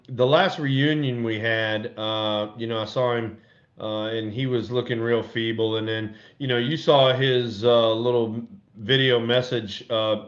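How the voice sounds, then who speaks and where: Older man telling a lively story. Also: mid-range voice. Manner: animated, acts out quotes in a raised voice. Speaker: former ballplayer guest. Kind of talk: casual podcast storytelling. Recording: dull lo-fi audio.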